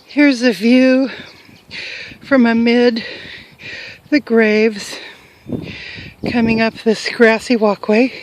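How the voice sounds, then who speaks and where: A chatty older woman with a high voice vlogs from outside on a handheld camera. She talks casually and pokes fun at herself as she goes. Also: flat delivery, takes it slowly, long pauses, a little hiss or hum, poor audio. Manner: chatty, self-mocking, joking. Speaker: travel vlogger. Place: outdoors in a hillside cemetery.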